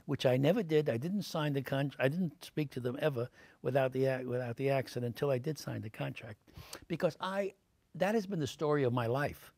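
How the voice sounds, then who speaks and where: An older man, an actor answering interview questions with lively anecdotes full of fillers, in a TV studio. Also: mid-range voice, a little fast, creaky, no room sound. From Brooklyn, New York. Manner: animated anecdotes, many fillers, acts out quoted voices.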